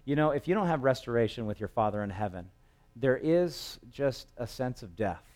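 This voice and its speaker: A man preaching a sermon, telling the story with humor and swelling loud and high at emotional peaks. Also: moderate pace. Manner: lively storytelling with humor and dramatic quotes. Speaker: pastor.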